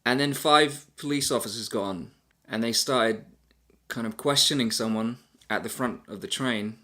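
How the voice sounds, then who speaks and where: A man tells a travel story in a loose, rambling way. He fills it with "uh"s and restarts and pokes fun at himself between sentences. His voice sits at an ordinary male pitch. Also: normal speed, bright, forceful tone. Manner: rambling, self-deprecating, many fillers. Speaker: travel vlogger. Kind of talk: casual storytelling to camera.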